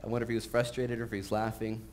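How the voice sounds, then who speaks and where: A man's voice: fairly low pitch, very fast, a little hiss or hum. Conversational man preaching a sermon. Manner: conversational, animated storytelling with frequent fillers. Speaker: pastor. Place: church sanctuary. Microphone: live-streamed recording.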